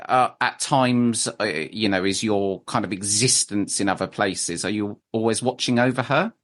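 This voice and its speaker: A man's voice: fairly low pitch, moderate pace, few pauses, fairly bright tone. A man hosting a podcast, asking questions in a polite, hesitant way. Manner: hesitant, polite, with fillers and restarts. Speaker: podcast host. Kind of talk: interview.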